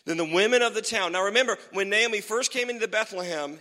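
A male pastor preaching a sermon, retelling scripture in an animated way that swings from loud to hushed. His voice is fairly high for a man and bright and forceful. The sound rings with the long reverb of a church hall. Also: quick pace, hardly any pauses.

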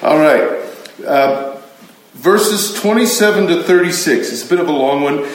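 A man's voice: fairly high pitch, measured pace. A man preaching a conversational sermon, emphatic and chatty, with asides to his listeners. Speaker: pastor teaching a Bible study. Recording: very echoey room.

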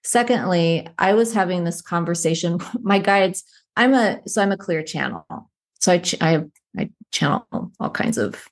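A woman psychologist, a guest in a conversational interview, talking in a thoughtful, unhurried, storytelling way. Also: lowish voice, lively intonation.

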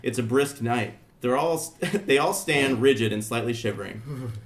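A man's voice: mid-range voice, measured pace, slight background noise. A man narrating scene directions for a comedy podcast, giggling through his slips. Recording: echoey room.

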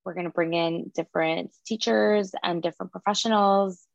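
A woman's voice: lowish voice, fairly even intonation, normal speed, gravelly, dry recording, highs cut off. A woman guest in a podcast interview who owns a beauty school, talking casually and chattily. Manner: casual, chatty, many "like" fillers.

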